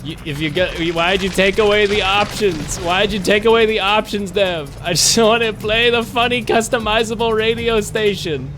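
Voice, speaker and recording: A man's voice: high voice, normal speed, hardly any pauses. Swearing, frustrated gamer man. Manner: frustrated, swearing, laughing rants. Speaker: streamer. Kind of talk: live gaming commentary. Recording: game music playing behind.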